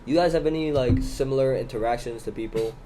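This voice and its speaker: A man's voice: medium pitch, quick pace, dark tone, slight background noise, low-quality recording. A teenage boy casually telling a story on a student podcast, acting out both sides of an argument. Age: teens. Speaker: podcast co-host. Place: school room in Hong Kong.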